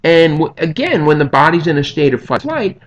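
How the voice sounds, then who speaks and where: A man's voice: a little high, very animated, fairly quick. A man giving a recorded lecture over slides in a conversational way, often checking in with "okay?" and "right?". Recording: dull lo-fi audio.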